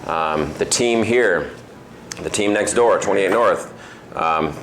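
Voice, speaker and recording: A man's voice: low-pitched, slow, slight background noise. A man who owns a restaurant gives a casual talk to a men's group, telling stories and acting out the voices of the people in them, with many fillers. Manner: storytelling, acts out quoted voices, many fillers. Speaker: restaurant owner giving a talk. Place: restaurant dining room.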